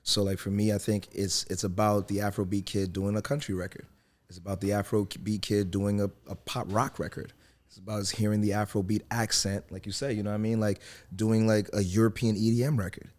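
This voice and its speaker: A man's voice: fairly low pitch, little pitch movement, a little fast, darkish tone. A man who is a musician guest on a podcast, speaking earnestly and persuasively in casual interview chat. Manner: earnest and persuasive, says "you know what I mean" often.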